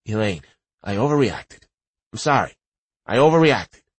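A man's voice: fairly low pitch, very animated, normal speed, husky, no room sound. A man voicing a rich businessman husband who hurriedly pleads and swears with an armed wife. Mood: pleading.

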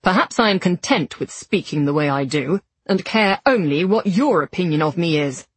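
A woman voicing a brusque, sardonic young gentleman who talks with curt, dry sarcasm. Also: fairly low pitch, lively intonation, moderate pace, husky, no room sound.

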